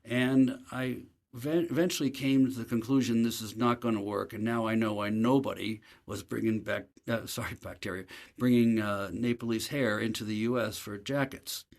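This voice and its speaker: Man telling a relaxed travel story. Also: on the low side, moderate pace, vocal fry. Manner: relaxed anecdotal, self-deprecating. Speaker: guest, professor. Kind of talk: storytelling interview.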